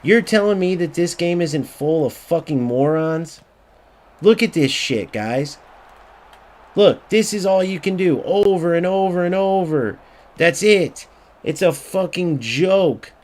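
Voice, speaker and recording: A man's voice: on the high side, expressive, takes it slowly, darkish tone. A man giving ranting gameplay commentary, angry and profane, repeating himself and mocking other players. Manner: mocking voice when quoting others. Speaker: gaming YouTuber.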